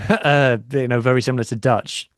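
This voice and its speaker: A man co-hosting a casual podcast, chatty and a little self-deprecating. His voice sits at a middle pitch, and the recording is dry and close. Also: fairly even intonation, moderate pace, no echo. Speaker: podcast co-host. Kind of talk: casual chat.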